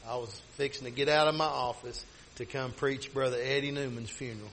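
A middle-aged pastor tells a personal story in a folksy, rambling sermon style, restarting often. His mid-range voice is fairly even and a little fast with a fairly bright tone, on a low-quality recording with slight hiss or hum.

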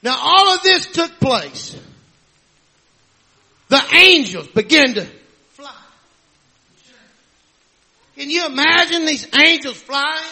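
A man preaching a fervent sermon, often shouting, with frequent amens and hallelujahs. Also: very high-pitched, animated, takes it slowly, gravelly, long pauses.

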